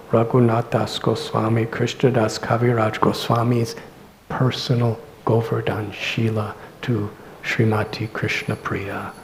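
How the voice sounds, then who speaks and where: A man, a monk, telling devotional stories in a scripture class at a temple, soft-spoken and often dropping to near-whispers. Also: medium pitch, slight background noise, poor audio. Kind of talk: devotional lecture storytelling.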